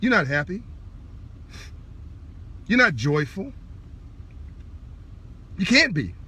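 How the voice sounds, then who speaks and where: A man speaking straight to viewers in an impassioned live-video monologue, fervent and preachy, hammering his points with repetition while insisting he is calm and measured. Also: high-pitched, husky. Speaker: speaker addressing online viewers.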